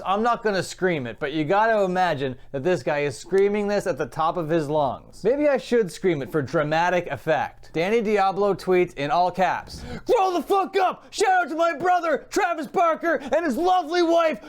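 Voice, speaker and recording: A man's voice: high voice, clear, resonant tone. A young man hosting his own commentary vlog, talking casually in a sarcastic, mocking tone and laughing often. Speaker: channel host.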